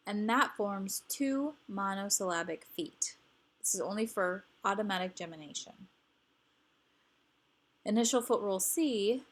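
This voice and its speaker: A woman teaching grammar rules, explaining patiently and repeating each example word. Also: mid-range voice.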